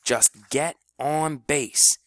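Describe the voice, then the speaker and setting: A man doing an excited boy teammate. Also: fairly high pitch, very slow, no echo, studio quality, voice pushed up. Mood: earnest. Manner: shouting encouragement.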